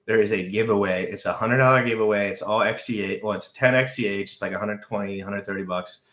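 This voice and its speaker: A man hosting a live crypto stream, talking frantically, overexcited, with shouts and repeated phrases. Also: fairly low pitch, fairly even intonation, fast talker, echoey room. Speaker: crypto livestream host. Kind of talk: excitable live stream chat.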